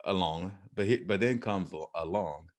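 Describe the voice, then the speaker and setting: A podcast co-host from the American South chats casually, rambling along with frequent restarts and laughing easily. His voice sits low and moves at a normal speed.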